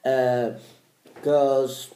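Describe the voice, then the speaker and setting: A man's voice: medium pitch, level tone, drawn-out words, dark tone, roomy sound. Hesitant man. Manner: hesitant, repeats phrases and restarts often. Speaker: language-learning vlogger. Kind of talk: casual talk to camera.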